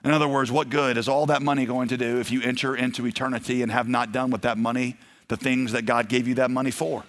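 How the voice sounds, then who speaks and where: A man's voice: medium pitch, level tone, quick pace, a bit bright. A man preaching a sermon in a conversational way, acting out the quoted voices of his stories. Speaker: pastor. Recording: long hall reverb.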